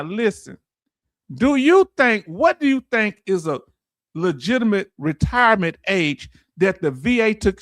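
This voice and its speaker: A man's voice: sits high, fairly bright tone, no echo, clean studio sound. A middle-aged man with a Southern US accent hosting a casual livestream, joking, laughing and reading out viewer comments. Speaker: livestream host.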